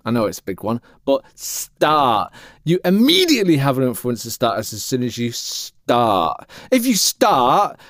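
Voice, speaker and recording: Man, comic monologue, rambling, wildly lively pitch, dry close sound. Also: unhurried, no echo. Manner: rambling, animated, swings between loud and mumbled. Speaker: podcast host.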